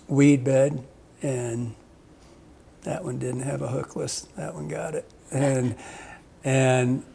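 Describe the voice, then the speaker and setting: A fly fishing guide hosts a podcast, spinning rambling stories full of laughter and salty language in a casual storytelling chat. His warm, medium-pitched voice has some vocal fry.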